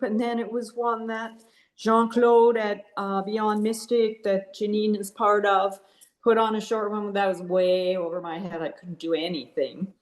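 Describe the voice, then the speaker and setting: A woman's voice: fairly high pitch, darkish tone, reverberant. A woman from Canada, speaking in a grateful, rambling way about her course. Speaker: course participant.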